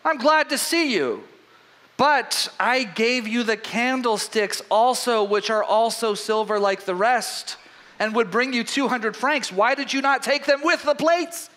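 A man voicing a kindly old bishop in a sermon retelling, gentle and forgiving in tone. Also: very high voice, unhurried, pitched above the performer's own voice, exaggerated voice, rough recording. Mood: cheerful.

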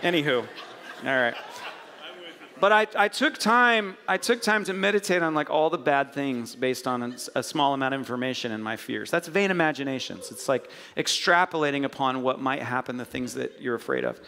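A man's voice: mid-range voice, expressive, moderate pace, pushed and bright. A middle-aged male pastor giving a casual, conversational sermon with self-mocking asides to the congregation. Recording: long hall reverb.

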